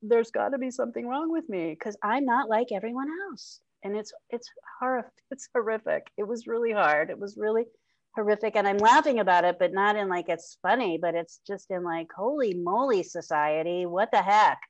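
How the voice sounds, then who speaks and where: A woman's voice: mid-range voice, brisk, no echo, lo-fi sound. Middle-aged woman guest, heartfelt and chatty, lots of ums and little laughs, dry close mic. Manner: open and heartfelt, laughs often, many fillers and restarts. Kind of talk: candid personal interview.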